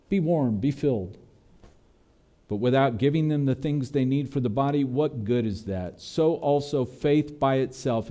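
A man's voice: mid-range voice, mellow. A man preaching a sermon as pastor, earnest and building to emphatic peaks.

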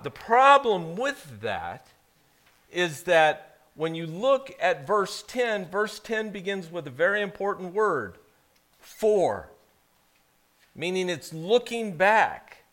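A male pastor with a fairly high voice who preaches unhurriedly in a church. He reads scripture with measured care and then stresses key words with emphatic force. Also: sing-song, a bit bright. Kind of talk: sermon. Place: church sanctuary.

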